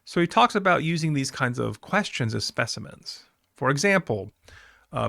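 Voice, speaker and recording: A man's voice: mid-range voice, very animated, normal speed, gravelly, bright, forceful tone, no echo, clean studio sound. A man teaching a class in a recorded lecture, talking conversationally with fillers and asides.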